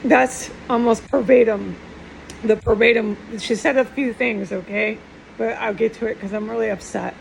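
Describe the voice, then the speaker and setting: A middle-aged woman speaks in a tearful, rambling personal monologue. She keeps trailing off and starting over. Her voice is fairly high with a gravelly edge, and faint noise sits underneath. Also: steady tone, moderate pace, low-quality recording. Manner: rambling, upset, trailing off and restarting.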